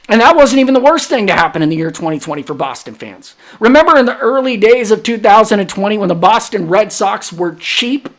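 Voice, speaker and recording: A man's voice: sits high, fairly bright tone. A young adult man hosting a solo sports podcast, brash and hyped, trash-talking rival fans. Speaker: podcast host.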